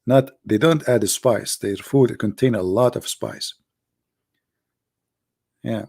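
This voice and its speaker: Creaky-voiced man hosting a livestream. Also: mid-range voice, slow. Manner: animated storyteller in non-native broken English. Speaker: livestream host. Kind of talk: casual livestream chat.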